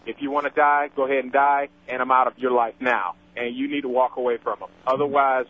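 A man's voice: mid-range voice, fairly even intonation, a little fast. A male caller on a radio call-in show giving earnest, direct advice. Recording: tinny phone line.

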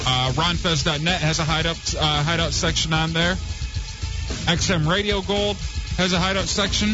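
A man's voice: on the high side, fairly even intonation. A man co-hosting a live radio talk show, reading out plugs and firing back at his partner. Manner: plugging details, quick comebacks. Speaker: radio co-host. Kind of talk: casual radio banter. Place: radio studio. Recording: dull lo-fi radio broadcast with music.

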